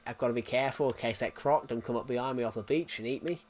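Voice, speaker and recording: A man putting on a lower, drawling Australian bushman. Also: fast talker, a little mellow, natural voice. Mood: boastful. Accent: put-on Australian. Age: 20s. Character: rugged young male outback adventurer.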